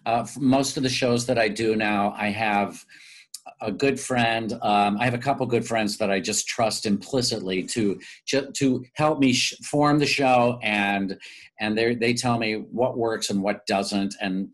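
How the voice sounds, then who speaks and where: A male actor telling lively, self-mocking stories in a casual interview. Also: on the low side, a little slow. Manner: animated, self-mocking storyteller. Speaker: guest actor.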